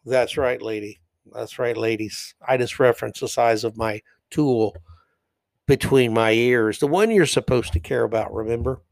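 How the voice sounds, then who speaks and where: A man's voice: medium pitch, moderate pace, creaky. A brash man lectures his listeners in an opinionated podcast monologue, swaggering and mocking as he talks about tending bar. His voice sits in a middle register and the close mic catches it with no room echo at all. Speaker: podcast host, bartender.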